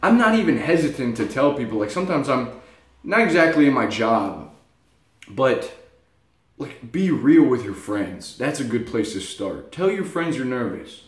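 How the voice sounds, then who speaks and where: A man's voice: medium pitch, moderate pace. A young man giving blunt, profane motivational talk in a casual self-help vlog. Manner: blunt, profane, animated storytelling. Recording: echoey room.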